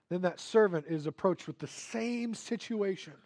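Retelling a story from scripture, a man preaches in a high voice at a moderate pace. He swings between quiet, hushed moments and louder, more forceful ones.

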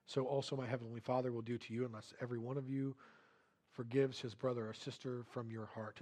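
In a mid-range voice, a man preaches and retells a scripture story, his delivery alternating between hushed quiet and emphatic volume.

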